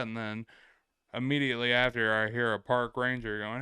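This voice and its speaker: A vlog host tells travel stories in a laid-back, rambling way, swearing freely as he goes. His mid-range voice is pushed and bright with fairly even intonation and normal speed, and the recording is dry, clean, and studio quality.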